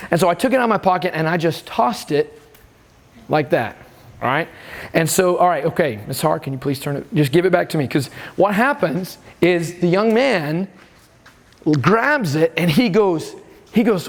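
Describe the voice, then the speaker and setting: High-voiced man preaching a lively sermon. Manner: lively storytelling, acts out quoted voices. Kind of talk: sermon at a camp.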